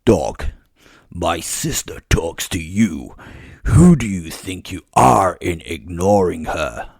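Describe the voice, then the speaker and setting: A man voicing a haughty male vampire with a greasy, smooth, imperious manner. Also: low voice, very animated, takes it slowly, darkish tone, dry recording, clean studio sound, voice pushed down, full character voice. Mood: contemptuous.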